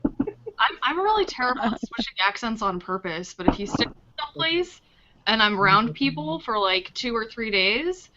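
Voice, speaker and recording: A woman author hosting a casual video chat, telling a rambling, animated story with many restarts. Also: a little high, normal speed, background noise. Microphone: video call. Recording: dull lo-fi video call audio.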